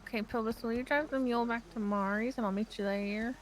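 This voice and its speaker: A woman as a show host in role-play, brisk and directing the group. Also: a little high, fairly even intonation, a little hiss or hum, rough recording.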